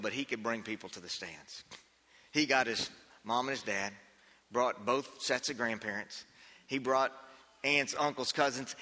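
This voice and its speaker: A man preaching a sermon, telling a story in an animated way, acting out the scene with frequent restarts. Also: a little high, big-room sound.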